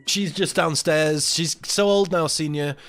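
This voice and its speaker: A man telling a story in casual livestream chat, animated and swearing as he acts out the people involved. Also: on the high side, measured pace, faint music behind. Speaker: livestream host.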